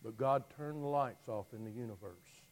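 A man preaching a dramatic storytelling sermon, swinging from loud declaiming to hushed, near-whispered lines. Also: medium pitch, poor audio. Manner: slow, drawn-out phrasing with long pauses.

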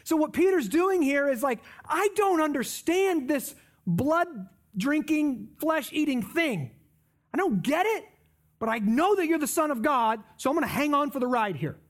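A man's voice: very high voice, lively intonation, normal speed. A man preaching a sermon, explaining scripture in an emphatic, conversational way. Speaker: pastor.

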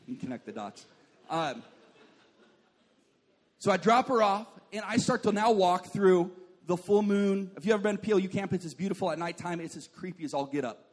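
A man preaching a sermon as a pastor, joking and telling stories, often saying "like" and calling on the congregation to respond. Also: on the high side. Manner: joking, storytelling with asides to the congregation; says "like" often and calls for responses.

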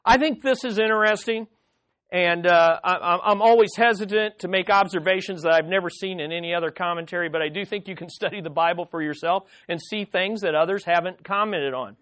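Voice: mid-range voice, fairly quick, fairly bright tone. A Bible teacher leads a study group in an emphatic, hands-on way. The teacher keeps turning to the listeners with direct questions and repeats words to drive a point home.

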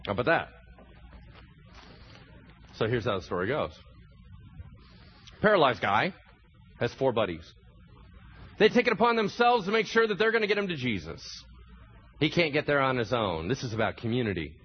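Animated, husky man preaching a sermon. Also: medium pitch, normal speed, long pauses, lo-fi sound. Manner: animated storytelling, acts out voices. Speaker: pastor.

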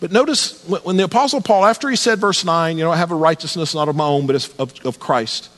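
High-voiced preacher in a reverberant church. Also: male voice, quick pace, fairly bright tone. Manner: earnest, repeats words and restarts, rises in pitch when building a point. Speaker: pastor. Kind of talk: sermon. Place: church sanctuary.

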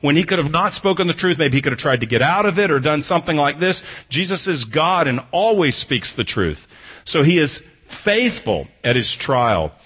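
Husky-voiced man preaching a sermon. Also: fairly high pitch, big pitch swings, moderate pace, fairly bright tone. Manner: reads scripture then explains it with emphatic repetition. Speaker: pastor. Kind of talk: expository sermon.

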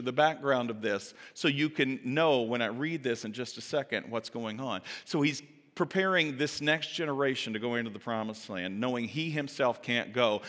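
Male pastor, sermon, lively storyteller, bright and forceful, echoing sanctuary. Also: mid-range voice. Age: adult parent. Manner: animated storytelling that acts out quoted voices; casual, chatty asides to the audience. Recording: reverberant hall.

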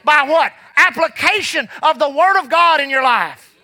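A man preaching a sermon in church, fervent and rising to shouts, dropping low and quiet when telling his past. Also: animated, moderate pace, no room sound.

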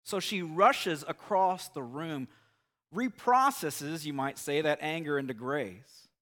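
A man preaching a sermon, telling an illustrative story in an earnest, measured way. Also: fairly high pitch, expressive, a bit bright. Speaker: pastor.

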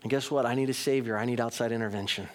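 Talking very fast in a mid-range voice with fairly even intonation, the middle-aged pastor preaches his sermon. He is earnest, speaks directly to those listening, and at times grows emphatic.

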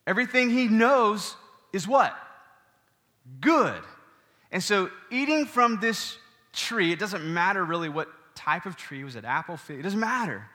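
A man preaching a sermon in a bright, forceful voice pitched a little above the usual. He is animated and keeps asking his listeners questions. His voice carries a long reverb, as in a large hall. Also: measured pace. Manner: animated, asks the congregation questions. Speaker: pastor.

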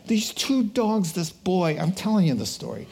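A middle-aged man preaching a sermon, telling a personal story with animated, laughing delivery. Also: high voice, normal speed, creaky.

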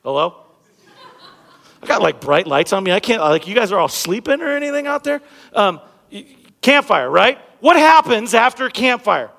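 A pastor in his thirties delivers a sermon from a brightly lit church sanctuary stage, joking and chatting with the congregation while punching key words emphatically. His voice is high for a man, gravelly, bright, and forceful, with big pitch swings at a moderate pace. A long reverb from the large hall trails each phrase.

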